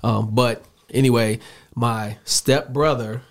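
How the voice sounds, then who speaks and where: A man's voice: medium pitch, slow pace, creaky. A man from Chicago, a football coach guest on a podcast, telling stories casually and acting out the voices of people he quotes. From Chicago, USA. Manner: animated storyteller who acts out quoted dialogue. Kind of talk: casual storytelling interview.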